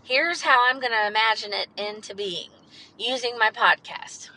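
A woman's voice: fairly high pitch, normal speed, pushed and bright, rough recording. A woman hosting her own podcast, talking in a rambling, candid way with fillers and the odd swear word. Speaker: podcast host. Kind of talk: casual solo podcast monologue.

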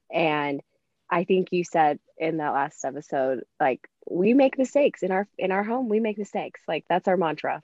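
A woman hosting a podcast in casual chat, laughing often and acting out quoted lines with big jumps in pitch. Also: a little mellow, dry recording. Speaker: podcast host. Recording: dull dry sound.

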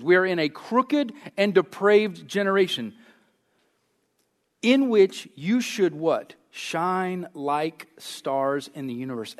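A man preaching a sermon as pastor, conversational and animated, often asking the congregation rhetorical questions. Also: on the high side.

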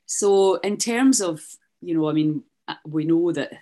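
A podcast host asking thoughtful, measured questions in a conversational interview, with a few ums. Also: medium pitch, warm tone.

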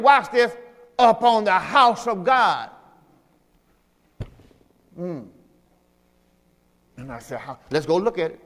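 A man's voice: high-pitched, a bit bright, big-room sound. A middle-aged man preaching a sermon as pastor, reading scripture aloud and calling out to the congregation. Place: church sanctuary.

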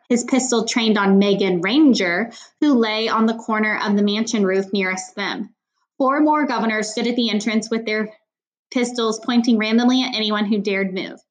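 A woman reading a novel aloud in a plain voice, stopping now and then for casual asides, with small slips in her reading. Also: a little high. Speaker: audiobook reader.

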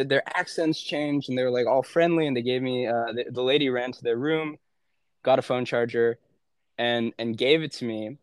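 Young male podcast guest, casual rambling storyteller, mid-pitched, dead-dry close mic. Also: steady tone, fast talker, no echo. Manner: rambling, heavy "like" fillers, frequent swearing. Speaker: podcast guest, former aid worker. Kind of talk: casual chat.

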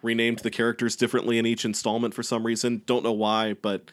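An American man talks casually on a podcast, rambling and restarting as he works through his thoughts. His pitch sits in an ordinary middle range. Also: level tone, fast. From United States. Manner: rambling, hesitant, many restarts. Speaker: podcast co-host. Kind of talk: casual chat.

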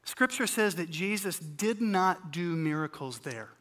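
Slow, bright-voiced preacher. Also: medium pitch, lively intonation. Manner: dramatic, acts out scripture scenes, swings loud and soft; humorous asides. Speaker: pastor. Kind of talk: sermon.

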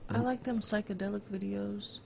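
A woman's voice: medium pitch, steady tone, moderate pace, gravelly, darkish tone, slight background noise. A woman co-hosting a casual podcast chat, laid-back and frank, swearing freely. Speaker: podcast co-host.

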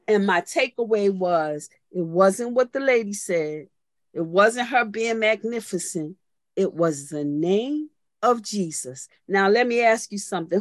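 A woman's voice: mid-range voice, no room sound. A woman pastor delivering a sermon, moving from conversational storytelling to fervent preaching and calling out to members of her congregation by name.

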